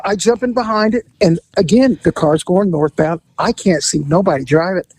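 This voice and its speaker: A man who hosts a podcast and used to be a police officer, telling a story in casual chat, animated and profane, acting out the quotes. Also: sits high, moderate pace, breathy edge, rough recording.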